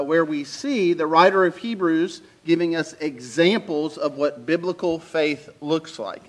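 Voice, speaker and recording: A man preaching a sermon as pastor of a church, with a scratchy throat that is starting to lose its voice, talking earnestly with frequent fillers. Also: a little high. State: scratchy throat, losing his voice. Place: church sanctuary.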